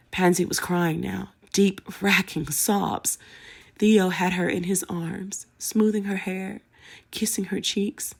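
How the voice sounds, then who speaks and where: A woman narrating a story in a steady, even reading. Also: lowish voice, vocal fry, breathy edge. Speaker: audiobook narrator.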